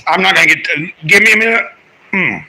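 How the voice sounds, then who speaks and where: A man's voice: high voice, lively intonation, fast talker, sharp tone, slight background noise, rough recording. A man chatting casually on a livestream, rambling through his day and talking straight to his viewers.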